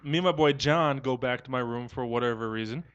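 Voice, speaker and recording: A man's voice: medium pitch, a little fast, highs cut off. A young man co-hosting a casual podcast, telling a long anecdote and acting out the quoted lines. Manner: animated anecdote teller, acts out quoted dialogue. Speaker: podcast co-host. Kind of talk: casual chat, storytelling.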